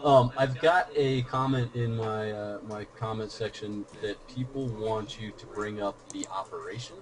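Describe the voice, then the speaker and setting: A man's voice: lowish voice, normal speed, crowd noise, low-quality recording. A man hosting a casual online chat, talking loosely with lots of fillers and some teasing. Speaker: channel host.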